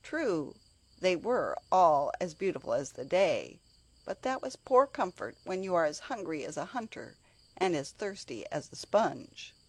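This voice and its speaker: A woman narrating a children's storybook with an expressive, animated reading. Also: lowish voice, unhurried, slightly rough, no echo.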